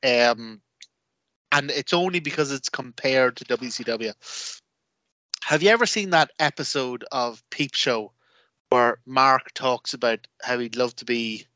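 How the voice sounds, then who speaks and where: A man, chatting on a podcast as co-host and telling animated stories that he acts out with quoted voices. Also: mid-range voice, no echo. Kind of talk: casual chat.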